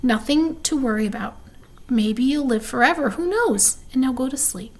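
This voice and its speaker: A woman voicing a wise, gentle female spider in a storybook reading, calm and soft. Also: sits high, normal speed.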